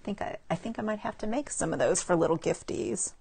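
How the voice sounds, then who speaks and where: A woman's voice: mid-range voice, quick pace, vocal fry, a little mellow, slightly rough. A middle-aged woman talks through a pile of handmade cards on a casual live stream. She sounds admiring and chatty, and she greets viewers by name as she goes. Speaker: stamping demonstrator showing cards to live viewers. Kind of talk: casual live craft show-and-tell.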